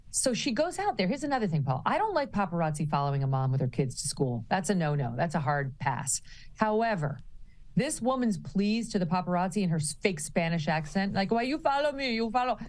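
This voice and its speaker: A young woman co-hosting a casual gossip chat, sarcastic and animated, laughing often. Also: medium pitch. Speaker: co-host.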